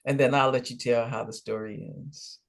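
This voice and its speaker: A man's voice: mid-range voice, fairly even intonation, moderate pace, creaky. A man co-hosting a ministry podcast, retelling a Bible story in conversational teaching style and acting out the dialogue.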